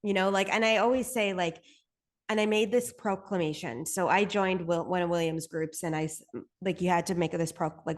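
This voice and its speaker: A woman's voice: on the low side, steady tone, fairly quick. A woman from Canada, a spiritual guide appearing as a podcast guest, who speaks earnestly and emphatically, repeats her points and swears casually.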